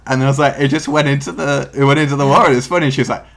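A man's voice: medium pitch, fast, a bit bright. A man co-hosting a podcast, bantering dryly and swearing often. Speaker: podcast co-host. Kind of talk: casual podcast chat.

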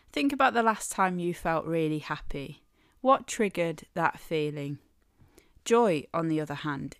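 A woman giving a Christian devotional talk, measured and emphatic, often putting questions to the listener. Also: low-pitched, no echo, studio quality. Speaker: Christian speaker. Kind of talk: devotional teaching.

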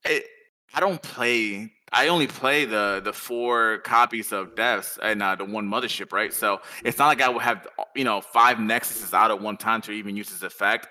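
A man talking as a podcast guest in a rambling, animated way with lots of fillers. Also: on the low side, moderate pace. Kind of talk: casual podcast chat.

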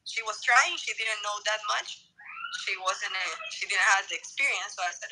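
A woman's voice: mid-range voice, normal speed, noisy background. A woman from Bolivia, a former tennis player, telling her story as a guest in a casual interview and acting out the things she said. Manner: animated storytelling, acting out quotes. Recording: tinny phone line.

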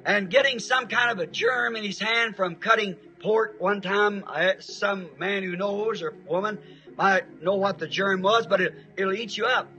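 A man from Arizona preaches a sermon as a story, folksy and plain-spoken, with homespun grammar. His voice is very high and bright. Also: unhurried, faint music behind, poor audio.

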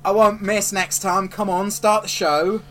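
A man's voice: high-pitched, little pitch movement, unhurried, a bit bright, recorded from a distance, pitched above the performer's own voice. A man voicing a threatening male gunman who lays down the rules in a raised drawl. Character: menacing male gunman running the fight.

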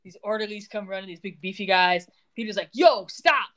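A woman's voice: mid-range voice, level tone, quick pace, fairly bright tone. A young woman co-hosting a podcast, chatting casually and retelling scenes in a sarcastic, quoting way. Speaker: podcast co-host. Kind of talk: casual recap chat.

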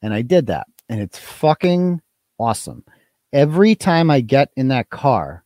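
A man's voice: medium pitch, lively intonation, normal speed, a little mellow, no echo, studio quality. A man hosting a live stream, talking in a casual, profane, mocking and rambling way. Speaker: host.

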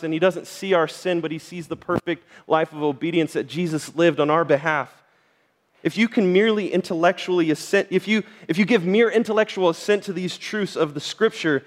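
A middle-aged man preaching with earnest, direct appeals to his listeners. His voice sits a little high for a man. The sound carries a long reverb from the church hall around him. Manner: earnest and direct, addressing the congregation. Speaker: pastor. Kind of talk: sermon.

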